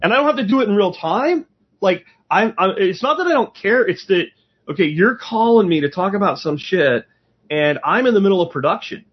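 Husky-voiced man in blunt, profane chat. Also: high voice, lively intonation, brisk, highs cut off. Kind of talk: casual chat.

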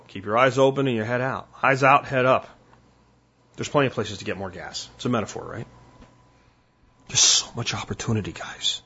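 An older man hosting a solo podcast, talking bluntly and emphatically in warning tones, with a husky voice. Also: mid-range voice, moderate pace, pauses often, pushed and bright, highs cut off. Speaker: podcast host.

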